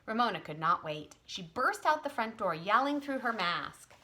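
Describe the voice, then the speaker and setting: A woman tutor reading a children's storybook aloud in an expressive way. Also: fairly high pitch, moderate pace, heavy background noise. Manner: expressive, animated.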